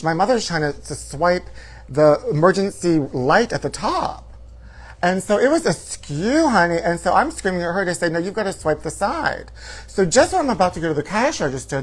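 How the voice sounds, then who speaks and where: A man hosting a comedy show, telling a campy, theatrical story, calling his listeners honey and breaking into shouted quotes. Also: fairly high pitch, rough recording.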